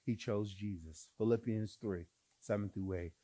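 A man preaching a sermon in an animated way, acting out Bible characters in changing voices. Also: lowish voice, moderate pace, dry recording.

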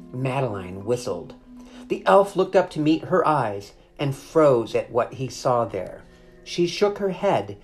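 A narrator reading a children's fantasy chapter book aloud in a steady, expressive storybook manner. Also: mid-range voice.

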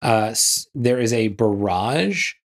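A man's voice: on the low side, expressive, slow. A man co-hosting a casual podcast, rambling through a film and a science story. His talk is loose and chatty, full of "like" and "yeah" and little jokes. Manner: chatty, lots of "like" and "yeah", jokey asides. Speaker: podcast co-host. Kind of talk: casual chat.

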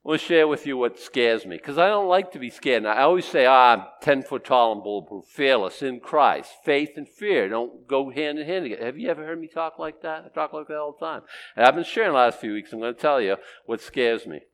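An older man, a pastor, preaching a sermon with animated emphasis that swings between loud declarations and hushed, quiet passages. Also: fairly high pitch, quick pace.

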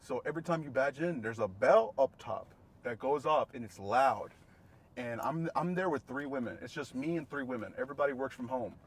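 A young man co-hosting a casual podcast, telling crude stories with loud, animated delivery. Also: medium pitch, a little fast, breathy edge. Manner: loud, animated storytelling with profanity. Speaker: podcast co-host.

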